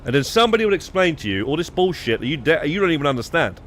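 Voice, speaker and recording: A man's voice: a little high, very animated, very fast, fairly bright tone, a little hiss or hum. A young British man streaming a game, chatting casually and rambling with restarts and swearing. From United Kingdom. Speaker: live streamer. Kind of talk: casual gaming stream chat.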